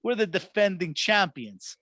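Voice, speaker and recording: A man co-hosting a sports podcast in casual chat, animated and hyped, acting out quotes as he talks. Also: high voice, a little slow. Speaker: podcast co-host.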